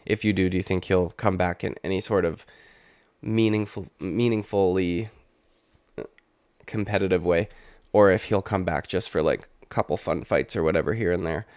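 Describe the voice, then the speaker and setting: A man's voice: sits low, normal speed, darkish tone, dry recording. Casual, profane young man riffing on fights. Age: late 20s. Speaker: MMA YouTuber. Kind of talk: reaction commentary.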